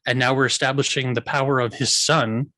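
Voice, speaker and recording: A man co-hosting a casual film review chat, laying out his points in a measured, analytical way. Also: medium pitch, steady tone, bright, forceful tone, no room sound. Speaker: film review show host.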